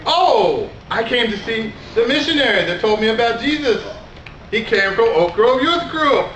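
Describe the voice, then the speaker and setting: A man's voice: very high voice, expressive, moderate pace, a bit bright, slight background noise. A man bantering playfully with a partner in a live youth group comedy skit. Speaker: skit performer. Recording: echoey dull hall recording.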